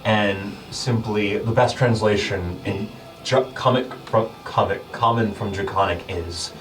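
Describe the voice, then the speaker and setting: Low-voiced man running a tabletop game. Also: fairly even intonation, measured pace. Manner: descriptive, with many fillers and laughs. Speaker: game master. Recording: distant mic with background music.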